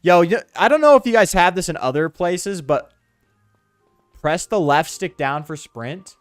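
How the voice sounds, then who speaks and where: A young man streaming a game, joking loudly with chat and reading in-game text aloud. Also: sits high, lively intonation, measured pace, clear, resonant tone, dry recording, soft background music. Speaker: gaming streamer. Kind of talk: casual let's-play commentary.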